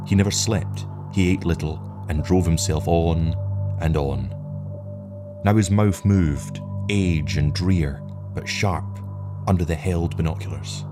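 Deep voiced guy reading a story aloud, music playing behind him. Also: takes it slowly. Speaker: narrator. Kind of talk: scripted story narration. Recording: narration over background music. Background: clear background music.

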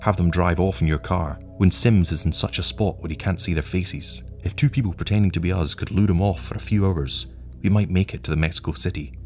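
A tense young husband on the run speaks earnestly and with quiet resolve in a very deep voice, as a man plays him. Faint music plays behind. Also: brisk, lightly acted.

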